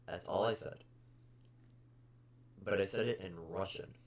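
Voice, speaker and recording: Here the podcast host has a low voice and talks a little slowly. The young man vents about customers in a casual storytelling rant, blunt, exasperated, and full of profanity.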